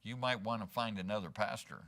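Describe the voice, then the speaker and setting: A man's voice: on the low side, brisk, pushed and bright. A man preaching a sermon as pastor in a church, conversational and often asking the congregation "right?". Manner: conversational, peppered with rhetorical "right?". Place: church sanctuary.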